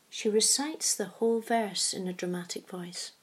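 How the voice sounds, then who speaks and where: A woman narrating a story in a soft, hushed reading voice. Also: mid-range voice, moderate pace, hardly any pauses, husky.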